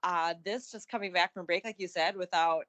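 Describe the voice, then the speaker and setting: Woman, podcast co-host, casual wrestling chat, easygoing, laughs a lot, fairly low pitch. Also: brisk, fairly bright tone.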